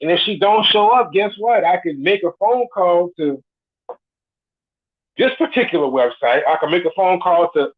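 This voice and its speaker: A caller in his forties phones into a live show and rants bluntly with swagger, swearing constantly. His voice is high-pitched at a moderate pace, coming through a tinny phone line.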